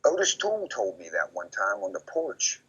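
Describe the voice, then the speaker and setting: A man with a low, gravelly and raspy voice talks in a rambling, repetitive way, now and then slipping into other people's voices as he quotes them. His tone has a hard, bright edge. The recording is dull and lo-fi, like an old conversation tape. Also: big pitch swings, normal speed. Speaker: interview guest recounting memories.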